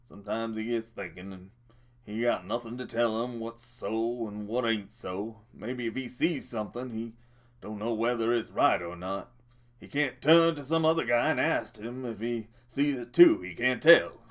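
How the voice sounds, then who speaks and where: A man's voice: medium pitch, normal speed, close to an everyday voice. A man doing a lonely, brooding old stable hand. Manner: drawling, stammered rural speech.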